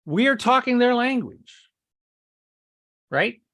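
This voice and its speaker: A man co-hosting a marketing podcast chats casually in long, rambling sentences with many restarts. His voice is very high and fairly bright, animated, and he takes it slowly.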